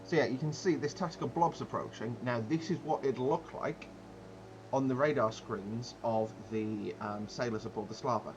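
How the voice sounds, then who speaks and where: A man talking through a naval strategy game in casual commentary, rambling and explaining as he goes. His voice sits at an average pitch. A faint rumble runs underneath. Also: moderate pace, muffled recording. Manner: rambling, explanatory, frequent fillers and restarts. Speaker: gameplay commentator.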